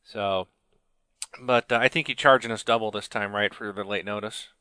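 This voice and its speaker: A man hosts a laid-back gaming podcast with an easy, joking manner and a habit of trailing fillers. His voice is bright and smooth, and it is recorded close and dry with no room sound. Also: fairly low pitch, steady tone, moderate pace, no echo. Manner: jokey, laughs often, loose with fillers. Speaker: podcast host. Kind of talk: casual gaming podcast chat.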